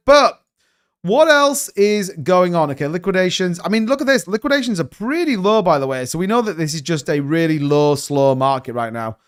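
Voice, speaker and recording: Fast-talking hyped man. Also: a little high, fairly bright tone, smooth. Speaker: crypto live stream host. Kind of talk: casual live-stream chat reading comments.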